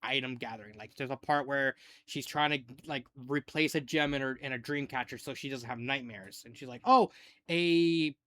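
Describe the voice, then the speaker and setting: A man giving a casual spoken review, rambling with lots of "like" and getting animated as he retells scenes. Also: mid-range voice, brisk, few pauses. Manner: rambling, heavy use of "like". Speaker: fanfiction reviewer.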